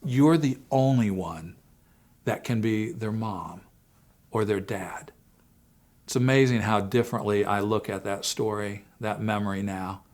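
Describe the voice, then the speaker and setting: A man speaking to parents in a faith-based family talk, telling a personal story earnestly and swinging between hushed and emphatic moments. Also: on the low side, unhurried. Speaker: Christian family-series speaker.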